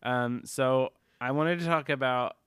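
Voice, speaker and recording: A man co-hosting a casual podcast, his voice smooth and resonant. He rambles, trails off, swears offhandedly and laughs in the middle of his sentences. The sound is dry and close to the mic. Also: mid-range voice, unhurried, a bit bright, no echo. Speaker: podcast co-host. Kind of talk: casual chat.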